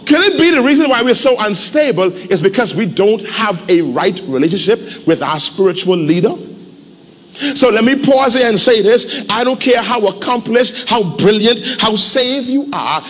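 A man pastor preaching a sermon in a church, animated and urging the congregation to respond. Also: sits high, unhurried, long reverb tail. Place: church sanctuary.

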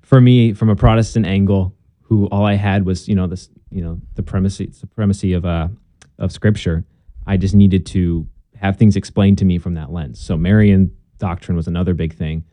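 A man's voice: sits low, steady tone, moderate pace, mellow, dry recording. A young man telling his conversion story in a casual interview, earnest and chatty with plenty of fillers and restarts.

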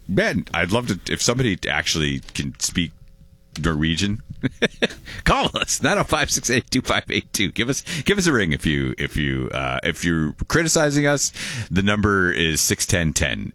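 A man's voice: sits low, a bit bright, no echo. A man hosting a radio show, chatting playfully with many restarts and laughs. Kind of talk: casual on-air banter.

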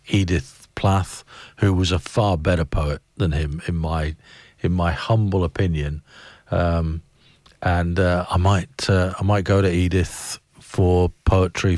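A man's voice: deep voice, a little mellow, no echo. A man hosting a radio show, rambling wryly in casual chat, often breaking off and restarting his sentences. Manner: rambling, wry, self-interrupting. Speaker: radio host.

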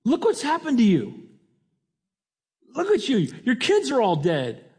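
A man putting on the voice of a grieving wife who mocks her husband in a high, exasperated tone. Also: huge pitch swings, measured pace, darkish tone, breathy edge, full character voice. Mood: scornful. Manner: high-pitched, mocking and exasperated.

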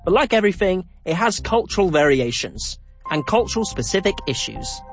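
A man's voice: high-pitched, sing-song, fairly quick, soft background music. A man narrating a documentary in a scripted, personal way. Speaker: documentary presenter.

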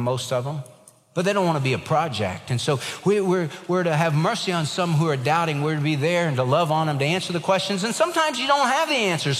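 Guy preaching a sermon, kinda high voice, earnest and emphatic, big hall echo. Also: fairly bright tone. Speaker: pastor. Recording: long hall reverb.

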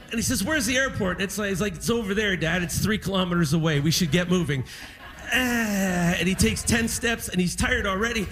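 A man doing stand-up on a live stage, telling animated stories and acting out his father. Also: sits high, fairly quick. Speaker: stand-up comedian. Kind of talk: stand-up comedy set. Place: live comedy stage in a music hall.

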